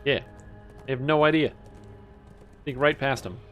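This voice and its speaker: A man's voice: mid-range voice, unhurried. Chatty male streamer over faint music. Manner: chatty, amused, excitable bursts. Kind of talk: casual gameplay commentary.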